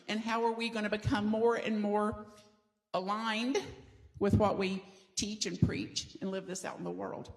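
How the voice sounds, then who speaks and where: In a church sanctuary, a middle-aged Southern woman pastor preaches conversationally and with playful energy, inviting the congregation into call-and-response. She has a medium-pitched voice with vocal fry.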